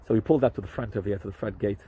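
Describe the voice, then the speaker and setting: A man, a rabbi, telling a story to camera in an animated way, with hesitant restarts and fillers. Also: racing, slight background noise, low-quality recording. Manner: animated, jumps up in pitch for quoted speech.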